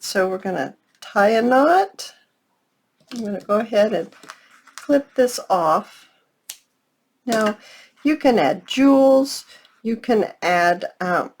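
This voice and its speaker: An older woman hosting a casual, chatty crafting tutorial, talking straight to her viewers in a folksy way. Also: a little high. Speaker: craft channel host.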